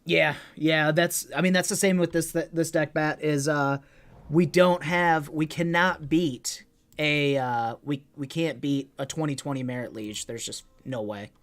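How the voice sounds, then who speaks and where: A man's voice: fairly high pitch, steady tone, measured pace, a bit bright. A man casually commenting on his own online card game as a streamer, joking with chat and swearing freely.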